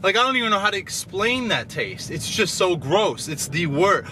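A young man vlogging a casual food review, animated and ranting with loud exclamations. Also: sits high, normal speed, a little hiss or hum. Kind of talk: casual vlog chat.

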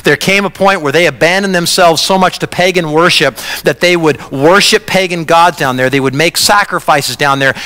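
A man pastor giving a conversational, animated sermon in a church. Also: on the high side, clean tone. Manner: conversational preaching, animated, acts out quoted voices. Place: church sanctuary. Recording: reverberant church hall.

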